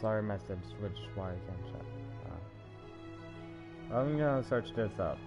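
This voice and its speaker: A man with a Japanese accent chatting through a gaming livestream in a low, offhand voice. He mutters deadpan asides and the odd curse. Loud game music plays behind him. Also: normal speed. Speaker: streamer. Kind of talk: casual gaming livestream commentary.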